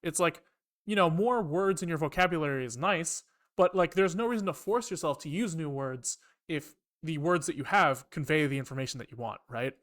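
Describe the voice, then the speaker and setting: A young man streams himself programming, ranting and explaining code in a casual, animated way while swearing freely. His voice is on the high side and fairly quick.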